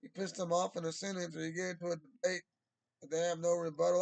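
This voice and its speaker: A man's voice: sits high, level tone, quick pace, creaky, darkish tone, no room sound. A man talking in a casual, rambling monologue, drawling and swearing freely. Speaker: vlogger.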